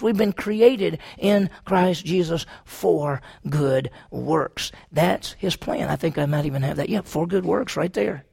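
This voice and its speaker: A man's voice: high voice, moderate pace, creaky, few pauses, darkish tone, breathy edge. A man preaching a sermon, driving his points home with repeated rhetorical questions to the congregation. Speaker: pastor.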